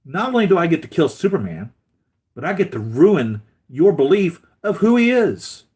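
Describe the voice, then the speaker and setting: A man putting on the voice of a smug male TV villain who taunts loudly and gleefully. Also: a little high, big pitch swings, moderate pace, voice pushed up. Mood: gloating.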